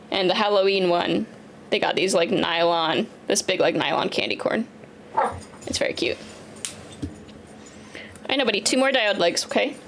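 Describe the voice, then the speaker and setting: A woman in her thirties chatting casually on a live stream as she works, often turning to coo at her dogs in a higher, sing-song voice. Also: a bit bright, slight background noise. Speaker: livestreamer building a keyboard.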